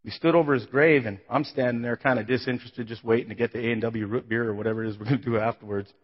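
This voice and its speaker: A man preaching, telling his own story with emotion, his voice swelling loud and falling to a hush. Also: steady tone, racing. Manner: emotional testimony, voice swelling then dropping low. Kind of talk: sermon. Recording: dull sound in a big reverberant hall.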